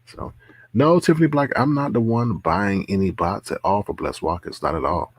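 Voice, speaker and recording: A man's voice: on the low side, very animated, normal speed, breathy edge, no echo. A man hosting a casual livestream, reading chat comments aloud, laughing often and repeating himself. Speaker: livestream host.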